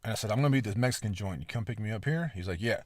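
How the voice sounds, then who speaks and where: Low-voiced man telling a story, swearing. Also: rapid-fire, no room sound. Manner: candid, frequent swearing, rambling asides; lively, emphatic retelling. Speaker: podcast host. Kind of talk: casual storytelling monologue.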